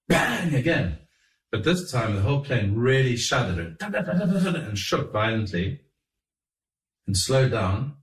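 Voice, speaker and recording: A middle-aged man telling anecdotes in an animated, chuckling way, acting out what others said. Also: sits low. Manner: animated, chuckling raconteur who acts out quotes. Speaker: guest telling stories. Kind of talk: anecdotal storytelling. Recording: roomy, distant mic.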